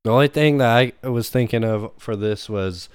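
Dude with a clean smooth voice, dry close sound, thinking out loud and laughing. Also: male voice, medium pitch, moderate pace, dry recording. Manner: rambling, musing, laughs often. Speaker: podcast co-host. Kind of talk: casual chat.

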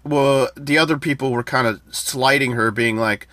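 A man's voice: mid-range voice, fairly even intonation, normal speed, sharp tone, no room sound. A man co-hosting a casual podcast, reviewing TV shows in a chatty, sardonic way. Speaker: podcast co-host.

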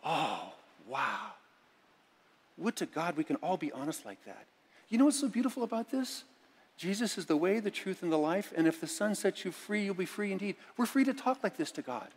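Expressive preacher in a reverberant church. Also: male voice, high voice, brisk. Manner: expressive, swings from hushed reading to loud emphatic lines. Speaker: pastor. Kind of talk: sermon. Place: church sanctuary. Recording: church sanctuary with long reverb.

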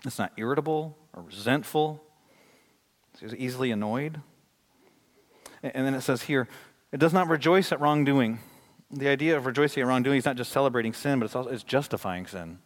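A man's voice: medium pitch, a little fast, pauses often. A man giving a sermon to his congregation, talking in a conversational way and rising to emphatic, questioning passages. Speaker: pastor.

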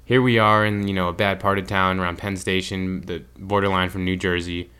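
A man with a low, smooth, clear voice chats on a podcast. He rambles through a travel story in a loose, casual way. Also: a little fast. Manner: rambling, animated retelling with acted quotes. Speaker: podcast co-host.

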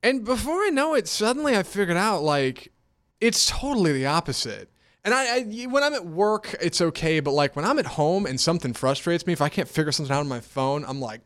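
Animated man with a polished radio voice. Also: a little high, quick pace. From Houston, Texas. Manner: smooth radio voice, animated storytelling. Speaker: radio co-host and announcer. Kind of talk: casual chat.

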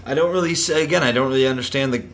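A man's voice: mid-range voice, rapid-fire, fairly bright tone, slight background noise. A man co-hosting a podcast, chatting casually with laid-back, wry asides. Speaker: podcast co-host. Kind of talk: casual chat.

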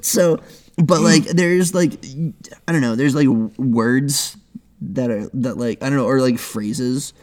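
A man's voice: mid-range voice, a little slow, darkish tone. A man co-hosting a casual chat, rambling and joking with lots of restarts. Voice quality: rambling, many fillers and restarts. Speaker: podcast co-host.

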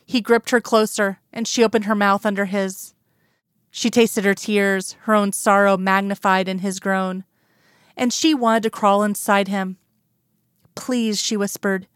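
A woman reading a romance story aloud as narrator, in a calm, even storytelling manner. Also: medium pitch, clean tone, dry recording, clean studio sound. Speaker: audiobook narrator.

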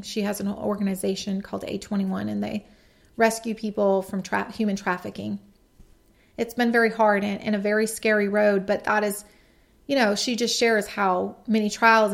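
A woman's voice: on the high side, creaky. A woman giving a devotional message in an earnest, reflective way, reading quotes aloud. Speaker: podcast speaker.

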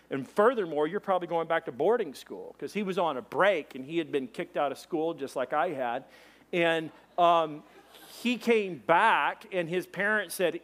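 A man preaching a sermon, telling a funny story and acting out shouted voices. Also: fairly high pitch, moderate pace. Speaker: pastor.

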